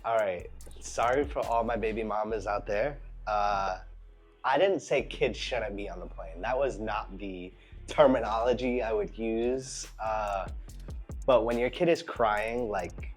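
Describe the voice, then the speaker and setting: A man's voice: lowish voice, unhurried, soft background music. A man co-hosting a podcast, talking in a laid-back, wry way in casual chat. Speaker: podcast co-host.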